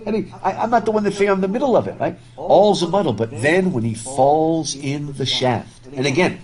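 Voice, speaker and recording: A man lecturing to a live class while wearing a face mask, chatty and animated, often repeating words as he thinks aloud. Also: on the high side, brisk, rough recording. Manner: talking through a face mask. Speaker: professor. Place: university classroom with students. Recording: classroom with students audible.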